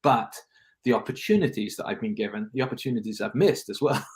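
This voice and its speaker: A man's voice: mid-range voice, lively intonation, fast talker, a little mellow. A man speaking as a film director guest in a casual interview, reflective and rambling, often restarting his sentences.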